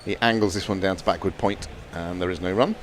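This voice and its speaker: A middle-aged man giving live ball-by-ball cricket commentary, dry and wry, with quick asides. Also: low voice, soft background music.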